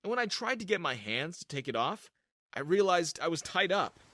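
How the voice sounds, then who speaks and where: A man voicing a naive teenage boy who narrates his own story in an animated video. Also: high voice, brisk, no room sound, studio quality, heavily acted. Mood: anxious.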